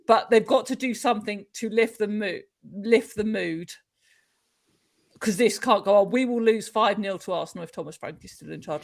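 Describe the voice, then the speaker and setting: A woman's voice: medium pitch, gravelly. Woman, podcast panelist, blunt firm opinions, casual chat. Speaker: podcast guest.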